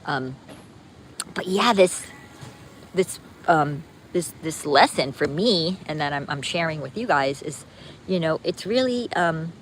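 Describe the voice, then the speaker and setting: A woman with a low, deep-set voice rambles cheerfully to her livestream viewers, full of "um"s and restarts. She talks into a phone while out walking on a street. Faint outdoor noise and passing vehicles sit behind her. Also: lively intonation, unhurried. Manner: upbeat, rambling, many fillers and restarts. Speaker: livestream vlogger. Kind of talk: casual live chat with viewers.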